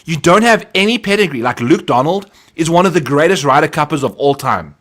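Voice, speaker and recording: A man's voice: a little high, animated, a little fast, fairly bright tone. A man from Africa, co-hosting a podcast in casual, teasing banter. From South Africa. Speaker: podcast co-host. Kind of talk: casual chat.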